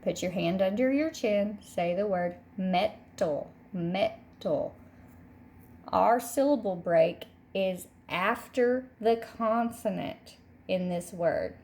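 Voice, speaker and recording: A woman teaching a third grade phonics lesson. She speaks patiently and says each word twice, clearly, so children can repeat it. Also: mid-range voice, slow pace, a little mellow. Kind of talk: recorded classroom phonics lesson.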